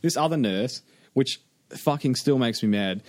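Animated, swearing man telling a story. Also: medium pitch, a little slow, no echo, studio quality. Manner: animated, swears a lot, acts out quotes in raised voice. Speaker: podcast co-host. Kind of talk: casual storytelling chat.

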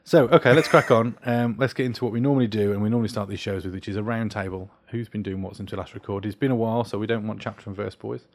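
A man's voice: lowish voice, steady tone, fast, hardly any pauses. A middle-aged man hosting a podcast in casual chat, jokey and upbeat as he steers the talk. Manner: upbeat, jokey, directs the conversation. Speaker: podcast host. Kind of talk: casual chat, leading the show.

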